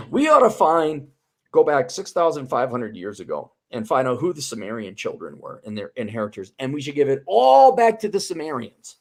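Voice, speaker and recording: A man's voice: medium pitch, very animated, moderate pace. A man hosting a casual podcast chat, ranting heatedly with swearing and frequent restarts. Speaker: podcast host.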